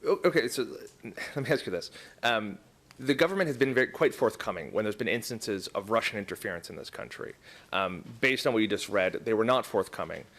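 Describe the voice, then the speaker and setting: A man's voice: fairly low pitch, animated, brisk, fairly bright tone. A male reporter at a news conference asking pointed, probing follow-up questions.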